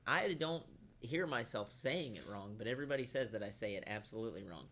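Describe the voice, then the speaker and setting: A man with a Southern American accent co-hosting in casual chat, animated and quick to raise his voice for emphasis. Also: medium pitch. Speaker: co-host of a guitar shop live stream.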